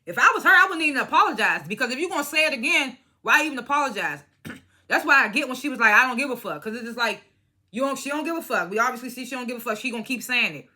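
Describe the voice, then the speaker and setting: Young woman, bright and forceful voice, casual profane TV recap, blunt opinions. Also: high voice, expressive, fast. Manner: blunt, profane and opinionated, mimics cast members. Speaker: reality TV recap vlogger. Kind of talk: casual reality show review.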